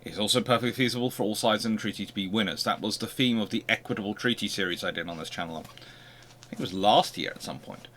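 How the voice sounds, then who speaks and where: Man, history host, unscripted lecture, explanatory, rhetorical questions, lowish bright voice. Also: quick pace, slight background noise.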